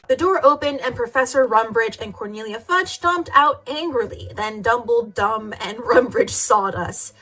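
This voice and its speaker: A woman's voice: fairly high pitch, expressive, moderate pace, hardly any pauses, fairly bright tone, soft background music. A woman reading a fanfic aloud for comedy, playing it over the top and now and then laughing at the text. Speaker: reader.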